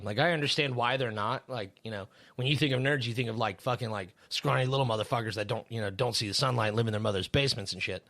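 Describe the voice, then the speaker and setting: A man's voice: medium pitch, fast, a bit bright. A man co-hosting a podcast, chatting casually in a rambling way, with lots of fillers and swearing. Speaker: podcast co-host; third shift worker.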